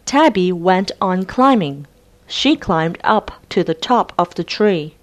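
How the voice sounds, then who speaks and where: A woman reading a children's storybook aloud in a clear, deliberate way. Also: lowish voice, lively intonation. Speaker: storybook reader. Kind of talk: slow read-aloud storybook narration.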